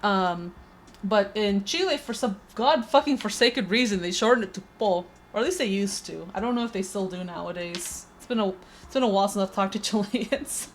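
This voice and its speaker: A woman's voice: mid-range voice, fairly quick, a little hiss or hum. A woman from Peru with a slight Spanish accent, chatting casually while streaming a game, over-enunciating her consonants. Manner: chatty, rambling, many restarts. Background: faint game music.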